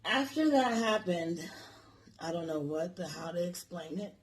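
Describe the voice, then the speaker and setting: A man's voice: high voice, lively intonation, unhurried, a little hiss or hum. Rambling, profane storytelling man. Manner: rambling, profane, lots of fillers. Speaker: vlogger telling a personal story. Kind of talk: casual storytelling.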